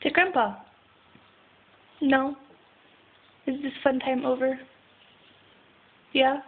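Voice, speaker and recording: A woman's voice: high voice, flat delivery, takes it slowly, pauses often. A woman, a mother, playfully and patiently coaxing her toddler to say words, recorded on a phone. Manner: playful, patient, laughing often. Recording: thin phone-like audio.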